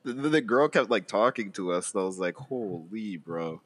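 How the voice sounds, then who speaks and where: A man's voice: fairly low pitch, animated, fast talker, crowd noise. A young man in his twenties, a podcast co-host who teases his friend and laughs a lot. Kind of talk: casual chat.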